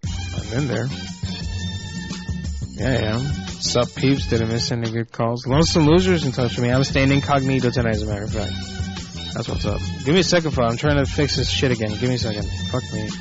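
A man's voice: medium pitch, fast talker. Male host of a scrappy prank call show, loose and profane, lo-fi audio with music behind. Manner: profane, rambling, off-the-cuff. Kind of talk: casual live show banter. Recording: muffled lo-fi internet radio.

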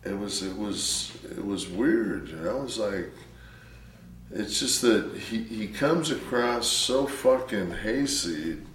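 A man with a very low voice rambles through profane stories in loose, casual talk. He sits back from the mic in a roomy space, and faint noise hangs behind him. He grew up in Detroit. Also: expressive, takes it slowly, far from the mic. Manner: rambling, heavy swearing, storytelling.

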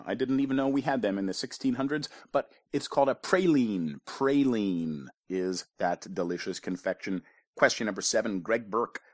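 A man's voice: medium pitch, no echo. A man hosting a trivia quiz, reading questions and answers in a casual way with wry asides. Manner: wry asides, dry jokes between questions. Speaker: pub quiz host.

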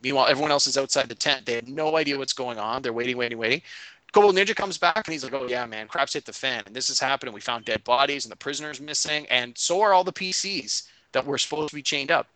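A man's voice: mid-range voice, dry recording, low-quality recording. A man, a game master, casually recounting a tabletop session and quoting his players as he goes. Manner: animated retelling, quotes players in quick voices. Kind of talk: casual storytelling recap.

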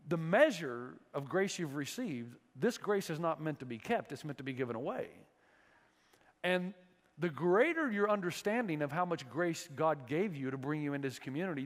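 Man, pastor, preaching a sermon, acts out biblical voices, high voice, reverberant sanctuary. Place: church sanctuary.

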